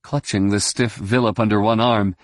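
A man reading a novel aloud in steady scripted narration. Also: lowish voice, moderate pace, dry recording, studio quality. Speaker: audiobook narrator.

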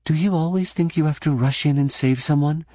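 A man voicing a tense, proud young woman warrior in a soft, strained, raised voice, within a novel reading. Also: fairly high pitch, animated, moderate pace, husky, dry recording, clean studio sound, pitched above the performer's own voice. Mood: wry.

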